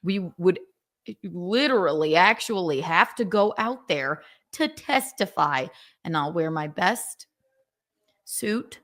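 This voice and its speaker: A woman's voice: on the low side, lively intonation, slow, fairly bright tone. Female livestream co-host, chatty, sarcastic asides, restarts her phrases. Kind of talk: casual chat.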